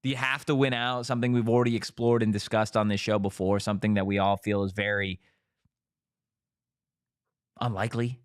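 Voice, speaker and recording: A man hosting a casual sports talk show, firing off rhetorical questions in an animated way. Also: on the low side, a little fast, long pauses, clear, resonant tone.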